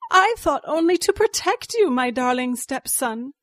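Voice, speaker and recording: Woman voicing a shrill, snarling fox-spirit stepmother. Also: animated, extremely slow, fairly bright tone, no echo, heavily acted. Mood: snarling, whining.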